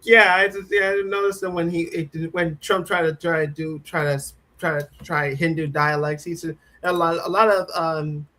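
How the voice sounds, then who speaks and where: A man speaking as a guest in a casual political chat, halting, with many fillers and restarts. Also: on the high side, steady tone, bright, forceful tone.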